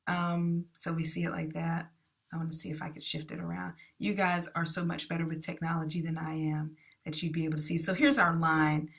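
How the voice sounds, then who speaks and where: Chatty, excited woman teaching math. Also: sits low, brisk, creaky. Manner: enthusiastic, chatty, self-correcting. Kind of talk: screencast math lesson.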